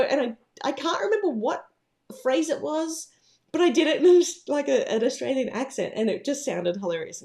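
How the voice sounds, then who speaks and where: Her voice slightly high and a little mellow, a woman who runs a planner business chats on a casual home livestream, rambling bubbly and using plenty of fillers.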